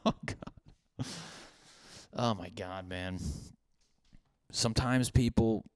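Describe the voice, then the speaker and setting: Young male podcast host, solo comic monologue, rambling and self-deprecating, smooth tone, dry close sound. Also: lowish voice, very slow, dry recording. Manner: rambling, self-mocking, bursts into mock voices.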